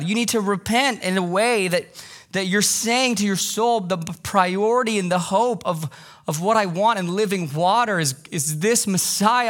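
A male pastor with a high voice delivers an animated sermon, acting out quoted voices and repeating himself for emphasis.

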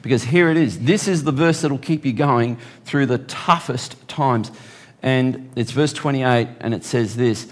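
A man preaching a sermon, reading scripture slowly and deliberately and slipping in joking asides. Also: mid-range voice.

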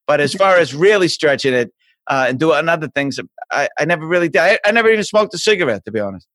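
A man in his fifties from South Boston, USA, with a Boston accent, tells stories quickly as a guest in a casual remote interview. He's a podcast guest and TV host recorded on a remote call mic with no room sound, an animated storyteller who jumps into a higher pitch.

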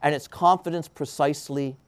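The priest's homily comes in a slow, deliberate preaching manner from a male voice of fairly even intonation, though it still rises to emphatic highs and drops to hushed finishes.

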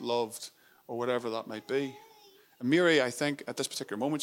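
A man preaching a sermon in an earnest, intimate way, repeating phrases for emphasis and dropping to a soft hush on tender moments. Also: mid-range voice.

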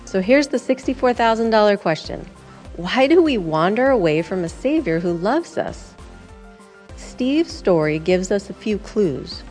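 A woman's voice: medium pitch, expressive, a little slow, a little mellow, faint music behind. A woman giving a scripted devotional reflection in an earnest, explanatory way. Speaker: devotional narrator.

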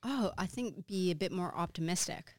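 A woman's voice: lowish voice, moderate pace, darkish tone, no echo. A woman, a confidence mentor, answering interview questions in an upbeat, encouraging way. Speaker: guest expert, confidence mentor.

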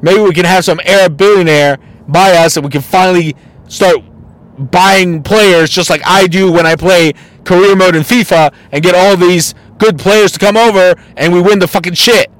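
A man's voice: high-pitched, fairly even intonation, normal speed, dry recording. A man hosting a casual solo podcast, ranting bluntly and mockingly with plenty of swearing. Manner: mocking and exasperated. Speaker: podcast host.

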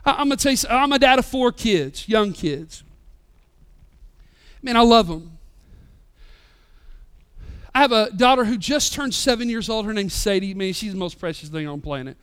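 A man in his thirties, a pastor preaching a sermon with passion, rising loud and dropping soft. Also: sits high, animated, normal speed, pauses often, clean tone. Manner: impassioned, swings between loud and soft. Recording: live church sermon podcast.

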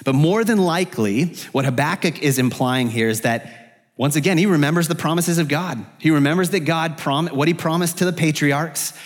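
Earnest male preacher in a reverberant hall. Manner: earnest, rises in pitch when voicing the prophet's prayers. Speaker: pastor. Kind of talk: expository sermon. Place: church sanctuary.

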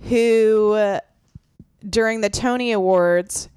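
A woman's voice: medium pitch, slow, darkish tone, clean tone, dry recording. A woman co-hosting a podcast in casual chat, reading out news items and laughing often with her co-host.

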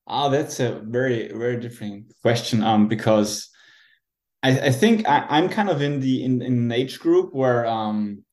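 Speaking a little slowly in a darkish, medium-pitched voice, this Austrian moped club president in his 30s sounds easygoing but hesitant as a podcast guest. The interview is casual, and his speech is full of fillers and restarts.

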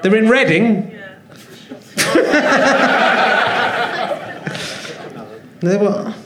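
High-voiced man teasing a live crowd. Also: sing-song. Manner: teasing, self-mocking, quick to riff on the crowd. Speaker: comedy podcast host. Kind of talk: live stand-up banter with the audience. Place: theatre stage with a live audience. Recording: roomy theatre sound with a laughing crowd. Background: audience laughter.

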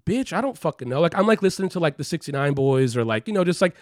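A man with a somewhat high voice tells a long personal story in loose, rambling talk. He swears freely, leans on "like", and slips into animated impressions of other people. The sound is close and dry, with no room around it. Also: fast talker, dry recording. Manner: rambling, heavy use of "like" and profanity, animated quoting. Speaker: guest telling a story. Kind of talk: casual conversational storytelling.

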